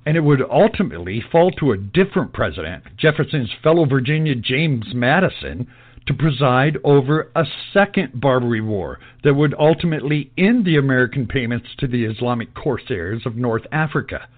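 A man's voice: medium pitch, expressive, normal speed. A man giving an emphatic, lecturing commentary in a scripted style. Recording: tinny phone-like lo-fi audio.

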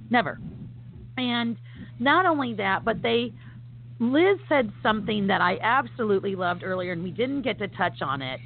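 Speaking at a moderate pace in an animated mid-range voice, this podcast co-host chats casually and fills her talk with enthusiasm, emphasis, and plenty of fillers. Faint noise sits under phone-like audio.

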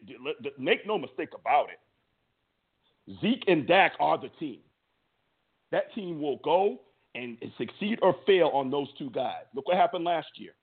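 Man, sports podcast co-host, impassioned rant, husky voice, stammering restarts, phone-like audio. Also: a little high. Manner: heated, emphatic, stammers on restarts.

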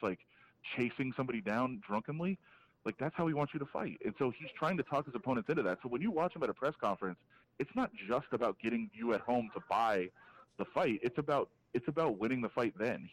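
A man, a fight reporter calling in as a podcast guest, giving an animated, opinionated breakdown with frequent restarts. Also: medium pitch, low-quality recording. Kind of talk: casual podcast interview, calling in.

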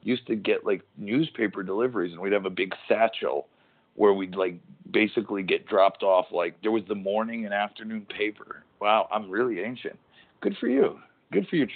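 A man in his forties hosting a casual podcast, telling rambling, profane, joking stories over a tinny phone-like line. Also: lowish voice. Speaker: podcast host, former wrestler.

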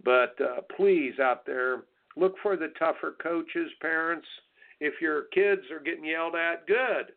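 Blunt and folksy, this US tennis coach turned radio host preaches coaching advice, ridiculing soft attitudes with sing-song asides. His male voice sits on the high side and moves a little slowly. The audio has a thin, tinny phone-line quality.

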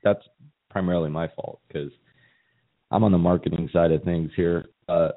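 A man's voice: low-pitched, fairly even intonation, moderate pace, vocal fry, phone-quality sound. A middle-aged man hosting a podcast in casual chat, fighting a cold and joking at his own expense. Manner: joking, self-mocking. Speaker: podcast host.

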